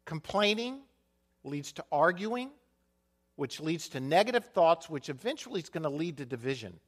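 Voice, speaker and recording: A man preaching a sermon as pastor, animated, dropping to a quiet voice for emphasis and muttering to act out complaining people. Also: on the high side.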